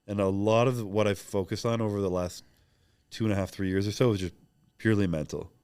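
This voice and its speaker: Fast-talking low-voiced man, candid. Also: fairly even intonation, darkish tone, clear, resonant tone. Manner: candid, reflective, acts out quoted talk. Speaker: podcast guest, pro bodybuilder. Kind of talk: casual interview talk.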